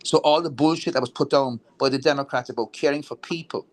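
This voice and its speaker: A man's voice: medium pitch, fast talker. A man talking politics heatedly and bluntly, swearing and restarting his sentences often. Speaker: veteran political talk show guest.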